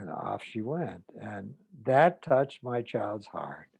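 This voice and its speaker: An older man, a psychologist hosting his own show, telling a family story in a halting way, full of fillers and restarts, and quoting people in a softer, lower voice. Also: animated, vocal fry, husky, dry recording. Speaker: psychologist host. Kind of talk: reflective storytelling monologue.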